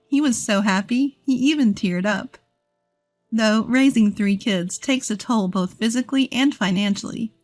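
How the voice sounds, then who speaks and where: A woman in her thirties telling a first-person story in a steady, earnest scripted narration. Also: medium pitch, no room sound. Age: 30s.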